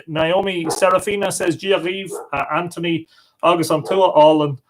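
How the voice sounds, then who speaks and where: A man with an Irish accent hosting a live stream from home, cheerfully greeting viewers by name. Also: on the high side. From Ireland. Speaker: host.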